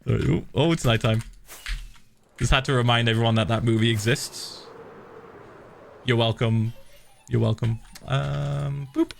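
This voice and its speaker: A man's voice: medium pitch, steady tone, measured pace, vocal fry, long pauses, slight background noise. A man streaming a game, chatting casually and animatedly, swearing and laughing often. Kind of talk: casual livestream chat while gaming.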